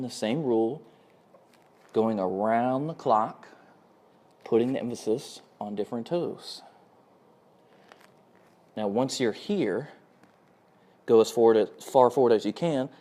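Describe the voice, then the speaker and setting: A man, a fitness instructor, calmly talking viewers through gentle ankle exercises. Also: mid-range voice. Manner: calm, easygoing instructions. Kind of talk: exercise demonstration.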